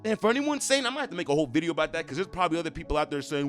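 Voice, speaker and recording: A man's voice: on the high side, sing-song, rapid-fire, a bit bright, faint music behind. A man giving earnest, emphatic relationship advice straight to camera, repeating himself for stress. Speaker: relationship coach. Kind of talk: motivational talk to camera.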